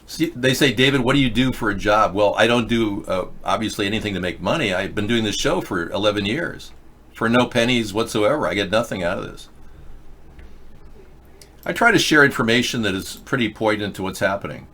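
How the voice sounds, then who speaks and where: A man's voice: lowish voice, animated, a little fast, a bit bright. An older man hosting a show, giving rambling, opinionated commentary on video clips with frequent restarts. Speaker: host.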